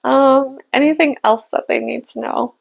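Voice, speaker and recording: A woman's voice: high-pitched, fairly even intonation, moderate pace, creaky, lo-fi sound. A young adult woman giving a casual spiritual tarot reading, musing aloud and laughing at herself. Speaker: tarot reader and channeler.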